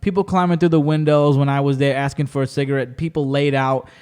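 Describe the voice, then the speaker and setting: A man with a mid-range voice hosts a casual podcast chat. He tells stories in an animated way, swearing freely as he goes. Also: mid-range voice, fast, smooth. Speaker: podcast host.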